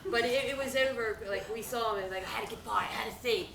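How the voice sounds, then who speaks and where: At a fundraiser event venue, a young woman does stand-up, rambling through funny stories and laughing along the way. Her voice is a little high with vocal fry, and she talks fast. A crowd can be heard behind her, and the recording is echoey, distant from the mic and loud with noise.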